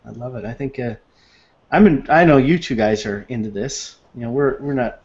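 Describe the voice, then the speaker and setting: A man's voice: mid-range voice, normal speed, darkish tone. Chatty man on a dull video call. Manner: chatty, playful, trails into restarts and laughs. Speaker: video hangout co-host. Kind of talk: casual online hangout chat.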